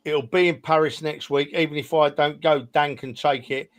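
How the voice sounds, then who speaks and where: A man's voice: on the high side, steady tone, normal speed. A man co-hosting a football podcast in casual chat, teasing and full of banter. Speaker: podcast co-host.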